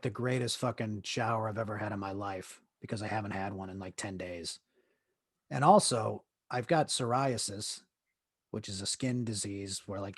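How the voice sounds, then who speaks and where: His voice fairly low, this podcast host sits nursing a sore leg while rambling through a crude, jokey story, restarting again and again. It's a casual solo monologue on his own show, captured in a dry, clean studio recording.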